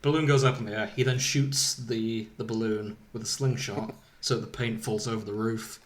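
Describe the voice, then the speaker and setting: A man's voice: fairly low pitch, fairly even intonation, moderate pace. A man hosting a podcast, casually retelling fan fiction with frequent laughs and tripping over his words. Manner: amused, laughing often, stumbling over words. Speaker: podcast host.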